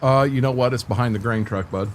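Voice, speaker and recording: A man's voice: mid-range voice, fast, a little hiss or hum. Folksy older man streaming a farm game. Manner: easygoing, rambling, folksy talk. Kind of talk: casual game-stream chat.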